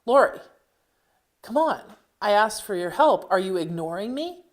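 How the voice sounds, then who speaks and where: A woman voicing a worn-out mother who is getting mad at her daughter, pitched higher and louder than her narration. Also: moderate pace. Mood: exasperated. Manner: pleading, then sharp and angry. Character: exasperated mother demanding help from her daughter.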